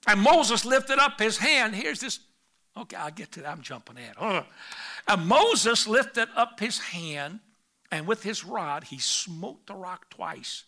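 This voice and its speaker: Pastor, male, high bright voice, preaching with loud bursts and quiet asides. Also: lively intonation, moderate pace, vocal fry. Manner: reads scripture aloud in old English. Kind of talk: sermon.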